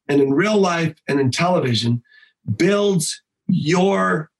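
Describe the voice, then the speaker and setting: In a relaxed podcast interview, a man who does voice acting and teaches improv talks with lots of energy, swears without hesitation, and jumps into rapid impressions. His pitch is fairly high with a creaky edge, and the audio quality is low.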